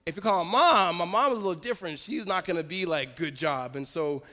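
A man's voice: high-pitched, quick pace. Man preaching in a reverberant hall. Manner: storytelling, animated, self-interrupting with laughs. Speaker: pastor. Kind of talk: sermon with personal story.

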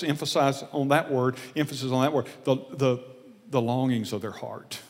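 Older male pastor, animated sermon delivery, acts out voices, long hall reverb. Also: medium pitch, normal speed. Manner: animated, acts out dialogue, drops to whispers.

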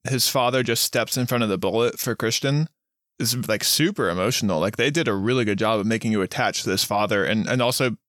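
A man's voice: on the low side, fast, a bit bright, dry recording, studio quality. A man on a movie podcast, pointing out plot problems in a casual, analytical way. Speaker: podcast co-host.

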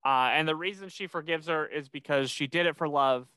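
A young man chats casually on his podcast, bouncing through a recap with frequent restarts. His voice is bright and clear, set somewhat high, and the recording is close and dry. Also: fairly quick, no echo. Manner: rambling, many restarts, animated. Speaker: podcast host.

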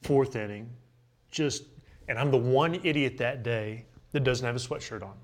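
A young adult man, a baseball pitcher and guest, telling an animated anecdote in a casual interview. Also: normal speed. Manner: animated, laughing anecdote teller.

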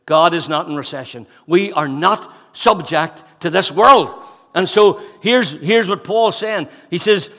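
A man's voice: high voice, unhurried, bright, forceful tone, in a large hall. A male pastor preaching a sermon with impassioned delivery and repeated rhetorical questions.

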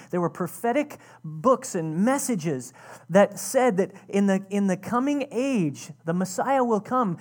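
A woman's voice: medium pitch, darkish tone. A woman pastor giving a conversational, earnest sermon, often restarting her sentences.

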